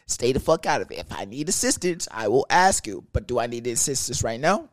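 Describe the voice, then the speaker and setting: A man's voice: on the high side, a little fast, few pauses, no echo, clean studio sound. A young man from Texas, telling a casual, profane and joking story about his work. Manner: profane, animated, ranting and joking. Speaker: storyteller vlogger.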